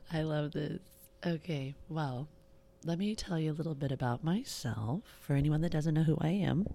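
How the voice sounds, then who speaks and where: A woman's voice: deep voice, vocal fry, darkish tone. A woman in her thirties hosting her own podcast in casual solo chat, bubbly and giggly, poking fun at herself. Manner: giggly, bubbly, self-mocking, drawling filler-heavy talk. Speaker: podcast host. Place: home recording setup in Wisconsin.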